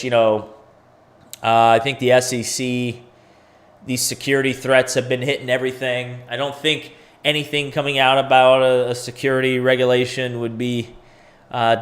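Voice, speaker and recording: Male livestream host, mid pitch, loose and chatty, talks straight to viewers while charting. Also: a bit bright. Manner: chatty, talks to viewers, thinks aloud with fillers. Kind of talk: casual livestream chart analysis.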